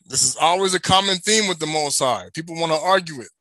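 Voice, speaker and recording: Male preacher, emphatic, rhetorical questions, high voice, dry close sound. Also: fast, hardly any pauses, sharp tone, no echo. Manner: emphatic, asks rhetorical questions and answers them. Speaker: religious teacher. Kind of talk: preaching to an online audience.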